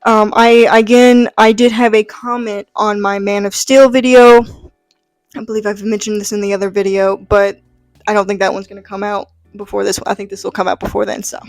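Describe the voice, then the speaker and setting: A young woman chats through a comic book recap in a relaxed, rambling way, peppered with fillers. Her voice sits at an ordinary middle pitch and sounds dry and close to the mic. Faint music plays under her talk. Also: brisk, no echo. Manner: enthusiastic and chatty. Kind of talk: casual comic book breakdown.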